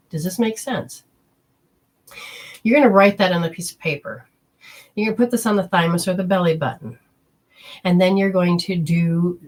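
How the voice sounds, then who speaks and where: A woman hosting a spiritual healing talk, explaining steps in a rambling, instructive way and speaking straight to her listeners. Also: lowish voice. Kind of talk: casual teaching talk.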